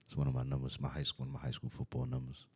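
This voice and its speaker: A man hosting a casual podcast and explaining a drinking game, relaxed, laughing often and often asking "you know what I mean". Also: rumbling low, racing, creaky, slightly rough. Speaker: podcast host.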